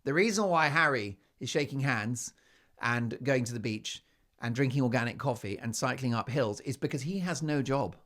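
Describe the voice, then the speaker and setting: A British man hosting a talk show, delivering a sarcastic, emphatic monologue that swings between loud and quiet. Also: medium pitch, normal speed. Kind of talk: opinionated monologue.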